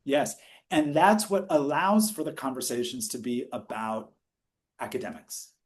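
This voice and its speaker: A man presenting research findings in a webinar discussion, energetic and explanatory, rushing through quoted questions. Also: medium pitch. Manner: energetic, speeds up when quoting questions; teaching, explanatory.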